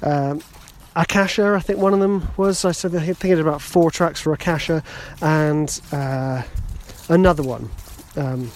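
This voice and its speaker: A man's voice: fairly high pitch, measured pace, a little mellow. A British man hosting a solo podcast, telling a rambling, self-deprecating story in a casual, chatty way. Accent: British English. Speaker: podcast host.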